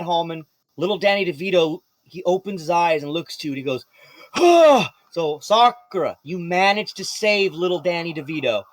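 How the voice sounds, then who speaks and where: Lively, higher-voiced male game master; swears casually, dry close sound. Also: no room sound. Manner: lively, profane, apologetic. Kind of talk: running a tabletop game.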